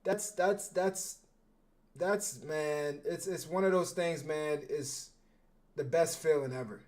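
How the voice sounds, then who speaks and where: A young man, a football coach and former defensive back, talking casually on a livestream, animated and slangy, often repeating his words. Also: on the high side, slow. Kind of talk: casual livestream film breakdown.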